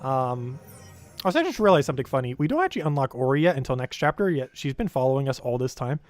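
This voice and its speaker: A man's voice: medium pitch, very animated, fast, no echo. A young man live-streaming a game, giving casual, rambling commentary full of filler words.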